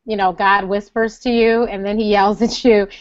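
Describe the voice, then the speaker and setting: A woman's voice: mid-range voice, little pitch movement, normal speed. A woman hosting an interview, asking questions and affirming her guest's answers. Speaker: interview host. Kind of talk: casual interview. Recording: dull lo-fi sound.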